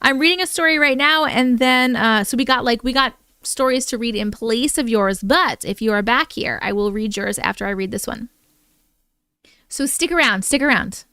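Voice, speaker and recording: High-voiced woman reading stories on a livestream. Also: moderate pace, hardly any pauses, bright, forceful tone, clear, resonant tone, no echo. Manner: chatty, breaks into her own reading with startled reactions. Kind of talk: casual live chat and reading stories aloud.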